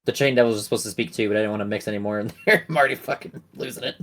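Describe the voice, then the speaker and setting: A man's voice: fairly low pitch, very fast, fairly bright tone. A man running a tabletop game as dungeon master, casual and self-mocking, with some swearing. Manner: casual, laughs at himself, swears.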